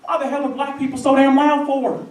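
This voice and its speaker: A man's voice: very high-pitched, flat delivery, fairly quick, a little mellow, slight background noise, pitched above the performer's own voice. A young man doing a brash online gamer. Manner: brash, then falsely reassuring. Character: rude loud young man gaming online. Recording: roomy stage sound from a distant mic.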